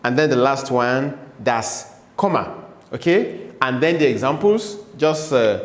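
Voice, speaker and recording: Slow, lively-pitched male teacher. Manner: patient, repeats each word slowly for learners. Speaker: language teacher. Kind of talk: slow classroom-style German lesson explained in English. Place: room with a board. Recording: echoey room with long reverb.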